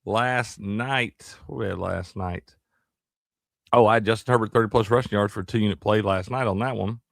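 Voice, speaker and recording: Male co-host, lowish voice, dry close sound, relaxed slangy sports banter. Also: moderate pace, vocal fry, dry recording. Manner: easygoing, drawling banter with slang. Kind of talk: casual live-stream chat.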